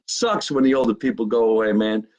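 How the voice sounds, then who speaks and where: A man's voice: fairly low pitch, a little fast, a little mellow, poor audio. A middle-aged man, a comedian hosting his own live show from a home basement, talking casually, swearing, and plugging his channels. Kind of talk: casual live-stream monologue.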